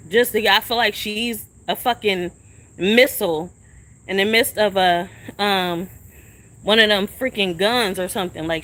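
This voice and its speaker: Streaming from her phone outdoors at a shelter, a young woman vents in a profane, confrontational rant, hammering the same questions repeatedly. Her mid-range voice comes across bright and forceful.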